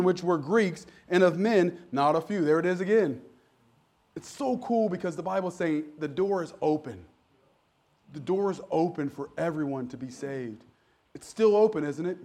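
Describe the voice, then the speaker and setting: A man's voice: fairly high pitch, mellow. A middle-aged man preaching a sermon as pastor, folksy and joking, building to emphatic preaching. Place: church.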